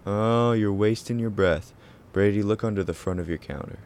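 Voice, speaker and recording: A man's voice: on the low side, normal speed, noisy background, close to an everyday voice. A man playing an officer who mocks the arrested men in a smug way. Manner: smug, mocking.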